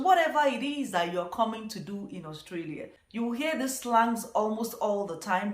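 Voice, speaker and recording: A woman with a Nigerian accent talks her viewers through a topic in a friendly, chatty vlog, speaking to them directly as "guys". Her voice sits at a middle pitch and has no strong colour of its own. The room around her adds a clear echo. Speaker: vlogger. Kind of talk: casual explanatory vlog.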